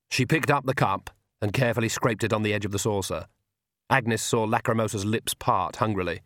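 A man reading a novel aloud in measured, steady scripted narration. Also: medium pitch, no echo, studio quality. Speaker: audiobook narrator.

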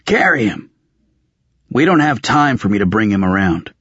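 A man's voice: sits low, very animated, a little slow, breathy edge, no room sound, lo-fi sound, heavily acted. A man reading an audiobook, voicing an imperious old male wizard who scolds in indignant, haughty tirades. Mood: commanding.

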